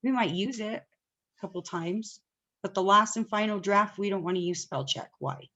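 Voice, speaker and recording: A woman's voice: mid-range voice, normal speed, bright, forceful tone, highs cut off. A woman teaching an online class, talking casually and often checking that students follow. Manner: chatty, asks the class questions often.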